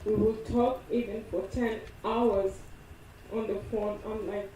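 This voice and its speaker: Slow, mellow woman giving a eulogy. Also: medium pitch, fairly even intonation, slight background noise. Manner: tender, reminiscing, quoting loved ones. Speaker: eulogy speaker, partner of the deceased. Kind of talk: funeral tribute speech. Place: funeral service venue. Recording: echoey hall from far off.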